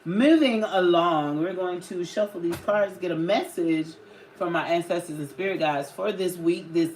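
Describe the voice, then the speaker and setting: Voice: mid-range voice, normal speed, a little mellow, slight background noise. A live-stream host giving a casual spiritual card reading, chatty and loose, talking to viewers in the chat. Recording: roomy echo with clear background music. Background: clear background music.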